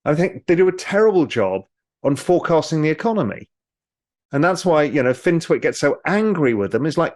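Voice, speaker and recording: A man, a guest in an interview, explaining with lively storytelling. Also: a little high, brisk. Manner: animated storyteller, mimics people in quotes. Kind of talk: casual interview talk.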